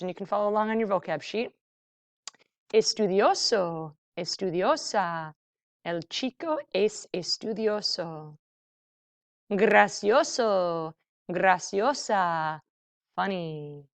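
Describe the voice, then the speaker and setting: A woman teaching a Spanish vocabulary lesson, saying each word slowly and giving its English meaning. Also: on the low side, clear, resonant tone, no echo. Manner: slow, deliberate word-by-word modeling with English glosses.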